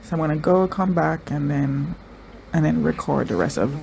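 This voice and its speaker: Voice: mid-range voice, expressive, moderate pace, vocal fry, darkish tone, slight background noise. A show reaction vlogger in casual commentary, crying through it and talking emotionally, with stammers and restarted sentences.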